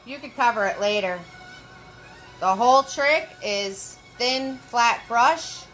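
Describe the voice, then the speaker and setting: A paint party instructor with a bright, fairly high voice hosts a live-streamed painting class. She gives slow, patient step-by-step brushstroke instructions, chatting warmly, greeting viewers by name and encouraging them. Soft music plays behind her on a low-quality recording.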